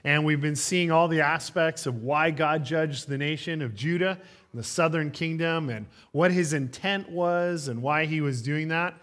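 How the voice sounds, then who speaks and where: Pastor preaching in a slightly high voice. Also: male voice, a little slow, fairly bright tone. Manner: conversational storytelling with frequent fillers. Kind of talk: sermon. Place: church.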